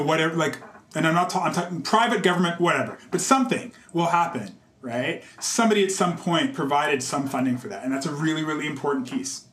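Animated storytelling man, roomy echo. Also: on the high side. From Canada. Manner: animated, many fillers, acts out quotes in a raised voice. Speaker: interview guest, conductor. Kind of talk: casual conversational storytelling.

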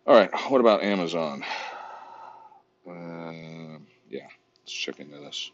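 A man's voice: deep voice, lively intonation, slow pace, pauses often, no echo, lo-fi sound. A man vlogging in a casual, rambling, profane way while browsing online, often mocking himself.

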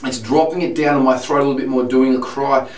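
A man with laryngitis, a singing teacher talking through his vocal warm-ups with a husky, strained voice. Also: fairly even intonation, quick pace. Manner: talks through exercises, testing falsetto with sung sirens. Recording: echoey room, far from mic, loud piano.

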